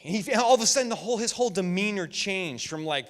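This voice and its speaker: A man in his thirties preaching to a youth group, telling lively stories and acting out quotes. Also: high-pitched, fast, hardly any pauses. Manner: animated storytelling with jokes and voiced quotes. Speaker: youth pastor. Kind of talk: sermon. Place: church youth room. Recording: echoey hall with long reverb.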